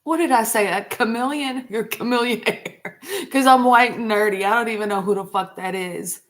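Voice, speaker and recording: A woman chatting casually on a vlog, rambling loosely, laughing often and swearing freely. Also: fairly high pitch. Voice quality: unhurried, trailing talk. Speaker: vlogger.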